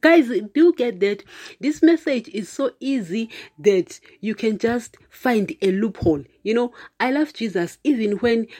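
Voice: mid-range voice, lively intonation, measured pace, darkish tone. An online preacher talking casually to viewers, often laughing and calling the listeners "guys". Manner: chatty, addresses listeners as "guys", frequent "you know"; laughs often, with emphatic asides.

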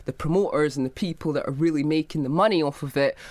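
A woman's voice: low-pitched, fast, no room sound. Scottish woman, dry close voice. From Scotland. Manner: animated, laughing, mimics others. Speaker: guest, model and author. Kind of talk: casual interview talk.

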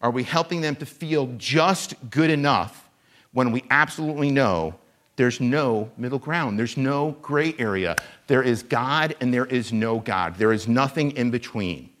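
A man delivering a Sunday sermon in an easygoing, animated way, often turning self-deprecating. His voice sits at a middle pitch. He swings from plain talk to sudden emphasis. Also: a little slow. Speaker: guest preacher.

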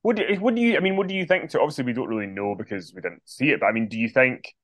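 A man's voice: medium pitch, expressive, very fast, fairly bright tone, slight background noise. A man co-hosting a casual wrestling podcast, chatting loosely with frequent ums and reading out quotes. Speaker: podcast co-host.

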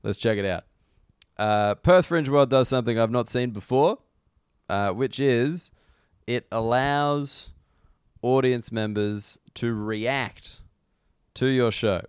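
A man's voice: medium pitch, takes it slowly, clean tone, no echo, clean studio sound. A man with an Australian accent, hosting a casual solo comedy podcast, rambling and self-deprecating, swearing freely. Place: corner of a hotel room.

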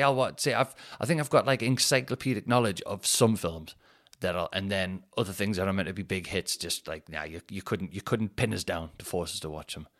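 A man's voice: lowish voice, a bit bright. A man hosting a casual solo podcast, rambling and self-deprecating, swearing now and then. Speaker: comedian podcast host.

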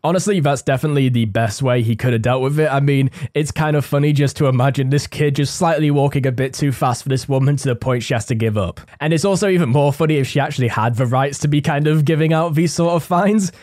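A man's voice: mid-range voice, quick pace, darkish tone, no room sound, studio quality. A man in his twenties reading stories aloud and adding casual, wry comments after each one. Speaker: story narrator.

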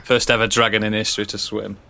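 A man's voice: lowish voice, little pitch movement, fast, creaky, bright, forceful tone. A man playing a tabletop game, making wry, dry remarks. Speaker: player. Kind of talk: casual tabletop game chat. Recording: audible background noise.

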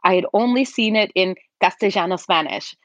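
A woman's voice: mid-range voice, a bit bright, no echo, highs cut off. Upbeat woman co-hosting a podcast. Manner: upbeat, enthusiastic, quick to laugh. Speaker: podcast co-host. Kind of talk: casual chat.

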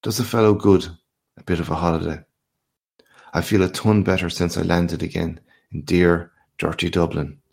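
A man reading aloud and voicing a boastful, hearty male journalist home from abroad, low and gravelly, with a swaggering, lively manner. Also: normal speed, full character voice. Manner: boisterous, swaggering, lively questions.

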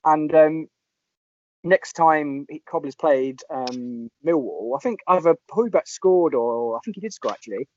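A man, chatting casually as a podcast host and telling animated anecdotes. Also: fairly high pitch, a little slow. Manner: lively storyteller, puts on voices in anecdotes. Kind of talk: casual chat. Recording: dull lo-fi sound.

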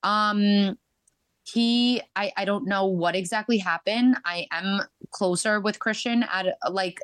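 Woman guest rambling through a story, lots of "like", dead dry sound, middle pitch. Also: slow pace, smooth, no room sound. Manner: chatty, animated, many fillers like "like" and "um". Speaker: podcast guest, reality show contestant. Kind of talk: casual storytelling interview.

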